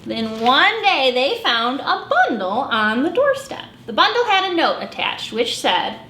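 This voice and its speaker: Lively librarian lady reading a storybook to little kids, high voice, echoey room, bit of hiss. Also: unhurried, few pauses. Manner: animated, expressive. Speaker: children's librarian. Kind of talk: storytime read-aloud. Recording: echoey room with faint noise.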